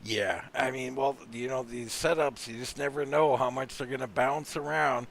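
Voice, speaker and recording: A man calling a live sim race play-by-play, energetic and rattling off driver names quickly. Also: mid-range voice, creaky, slight background noise. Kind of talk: live sim racing commentary.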